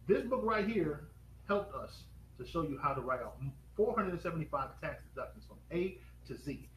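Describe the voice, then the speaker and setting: Male live-stream host, upbeat, fires quick questions at viewers; slightly high voice, roomy echo. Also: sing-song, fairly bright tone. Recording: echoey room with faint noise.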